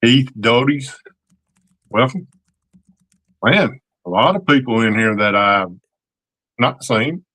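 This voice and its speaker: A man from Georgia with a Southern accent, co-hosting a casual livestream and greeting viewers by name in a slow drawl. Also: medium pitch, expressive, pushed and bright, no room sound. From Georgia, USA. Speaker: co-host of a relics livestream. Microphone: desk mic, typing nearby.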